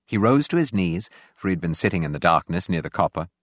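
A man narrating an audiobook in a measured, grave way. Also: low-pitched, sing-song, no room sound, studio quality.

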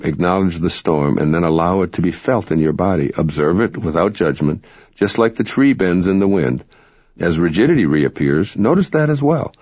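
A man reading spiritual self-help narration in a calm, measured, instructive way. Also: deep voice, dry recording. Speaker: audiobook narrator. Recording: dry, dull lo-fi recording.

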